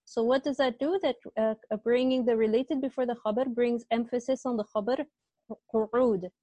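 A woman's voice: fairly high pitch, steady tone, moderate pace, dark tone, dry recording, dull audio. A woman teaching an online Arabic grammar class, explaining step by step and often checking with students, with a slight cough.

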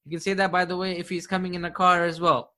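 A man's voice: sits high, little pitch movement, fast talker, bright, forceful tone. A man teaching an Arabic grammar class live online, patient and encouraging, often chuckling.

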